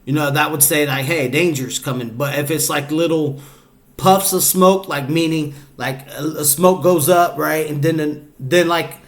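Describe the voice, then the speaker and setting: A man's voice: on the high side, unhurried. A man hosting a casual podcast, talking loosely and rambling, with lots of fillers. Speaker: podcast host. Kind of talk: casual chat.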